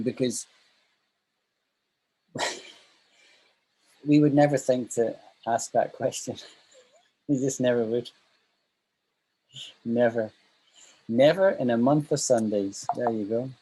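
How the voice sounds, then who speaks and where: Husky-voiced man teaching English, chatty and emphatic. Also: medium pitch, a little mellow, low-quality recording. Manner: chatty and emphatic, repeats phrases for stress. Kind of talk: live online English class.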